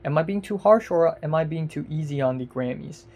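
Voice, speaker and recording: A woman vlogger delivering an angry, profane rant, exasperated, with repeated words and bursts of loudness. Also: low-pitched, brisk.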